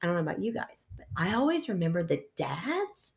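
A middle-aged woman co-hosting a podcast tells stories from her work in easy, casual chat. Her pitch swings widely, and she slips into the voices of the people she quotes. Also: a little fast, vocal fry. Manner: animated storyteller acting out quoted voices. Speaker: podcast co-host, lactation consultant.

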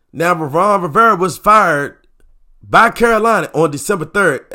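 On the high side, a man hosts a casual sports opinion show. He talks animatedly and repetitively, firing off one rhetorical question after another.

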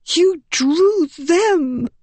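A badly wounded street boy whispers and hisses his accusations in a high, thin voice that swings up and down.slow and weak, with every word spent on blame. The read is close and dry, with no room around it. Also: expressive, a little mellow, dry recording, exaggerated voice. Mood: bitter accusing. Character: injured bitter young street boy. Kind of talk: audiobook character voice.

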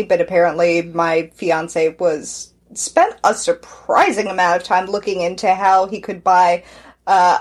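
A woman's voice: on the low side, breathy edge. A woman co-hosting a podcast, chatting casually with dry, wry quips. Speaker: podcast co-host.

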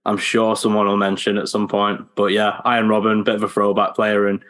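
A man guesting on a casual podcast who explains his pick in a measured and thoughtful way. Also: lowish voice, completely flat delivery, a bit bright.

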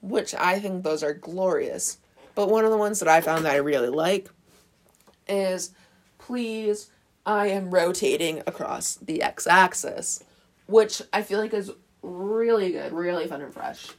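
A woman's voice: on the low side, normal speed, darkish tone. A woman hosting a casual solo podcast, rambling, sarcastic and correcting herself, recorded on a phone. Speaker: podcast host.

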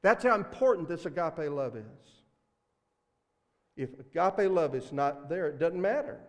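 A man with a Mississippi accent preaching a sermon as pastor, earnest, swinging between loud emphasis and hushed asides. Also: a little high, lively intonation, unhurried, long reverb tail. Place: church sanctuary.

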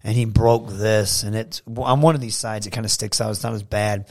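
A man from Michigan talking as a guest on an interview show, telling casual stories in an animated way. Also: on the low side, brisk. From Saginaw, Michigan, USA. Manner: animated, acts out quotes in a raised voice. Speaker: guest, professional wrestler.

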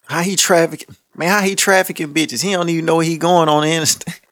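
A man's voice: a little high, fairly even intonation, quick pace, a bit bright, no room sound, clean studio sound. A man hosting a podcast, talking loosely and profanely in a casual, laughing way. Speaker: podcast host. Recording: music playing underneath.

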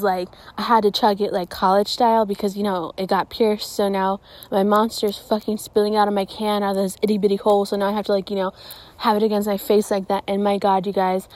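A young woman hosting a podcast, delivering a casual, profane and exasperated rant. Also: mid-range voice. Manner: profane, exasperated, animated ranting. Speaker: podcast host.

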